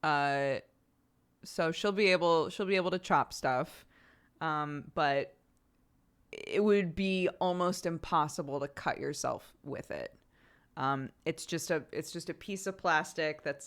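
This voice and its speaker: Woman streamer, 30s, lowish pitch, casual and rambling, answering chat. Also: a little slow. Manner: chatty, rambling with many restarts. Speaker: livestreamer.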